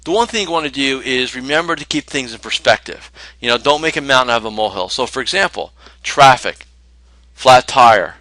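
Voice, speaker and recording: A man's voice: mid-range voice, lively intonation, fast talker, few pauses, bright, forceful tone, no echo, poor audio. A middle-aged man coaching financial advisors in a conversational talk, full of rhetorical questions and tag questions. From New Jersey.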